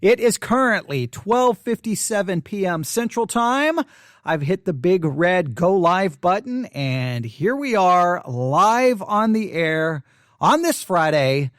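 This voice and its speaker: A man's voice: high voice, very animated, takes it slowly, a bit bright, dry recording. A man hosting a live religious broadcast, talking in an agitated, emphatic and repetitive preacherly way, reading scripture aloud into a studio microphone. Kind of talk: live-streamed commentary with Bible reading.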